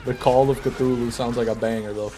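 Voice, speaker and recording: A man's voice: mid-range voice, steady tone, brisk, dark tone, a little hiss or hum. A man streaming a video game, chatting casually with his viewers, joking and poking fun at himself. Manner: chatty, answers chat, jokey and self-deprecating. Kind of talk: casual gaming stream commentary.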